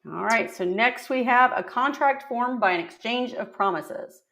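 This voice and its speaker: A woman's voice: on the high side, expressive, normal speed, a bit bright. A woman co-teaching a live real estate webinar, reading out quiz questions and chatting through answers. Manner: conversational, quizzing students. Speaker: real estate exam co-instructor.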